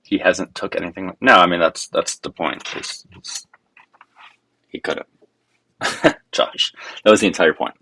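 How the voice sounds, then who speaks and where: A man hosting a live debate stream, blunt and quick to cut callers off. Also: deep voice, gravelly, sharp tone, no echo. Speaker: livestream host.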